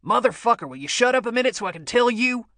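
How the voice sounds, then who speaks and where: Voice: mid-range voice, normal speed, sharp tone, dry recording, lightly acted. A narrator doing a cocky ex-army man with a crude, swaggering drawl. He sounds reckless and amused, pushy in a dry audiobook read. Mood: brash.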